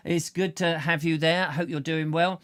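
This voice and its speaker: A man's voice: fairly high pitch, flat delivery, normal speed, fairly bright tone, no echo. A man hosting a live chat show, greeting viewers by name in a rambling, jokey way full of silly asides. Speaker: show host.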